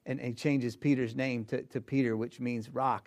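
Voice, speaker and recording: Male pastor, sermon delivery, emphatic with hushed and loud swings, repeats key lines. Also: medium pitch, little pitch movement, moderate pace.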